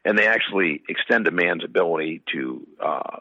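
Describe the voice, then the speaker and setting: A man's voice: deep voice, lively intonation, normal speed, sharp tone, no echo. A man guest in an interview, chatting through long rambling anecdotes with fillers, heard on slightly muffled audio. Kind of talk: casual storytelling.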